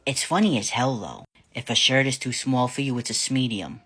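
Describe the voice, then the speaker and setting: A man's voice: medium pitch, expressive, moderate pace, pushed and bright, slightly rough. A man from New Hampshire with a New England accent, telling casual storytime tales in a blunt, profane, joking way. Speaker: vlogger.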